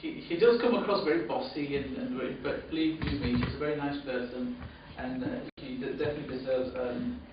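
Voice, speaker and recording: A director presents awards off the cuff, with lots of ums and repeated words, speaking briskly with hardly any pauses. He's captured by a distant camera mic, so the audio is very echoey, boomy, and dull, with room noise.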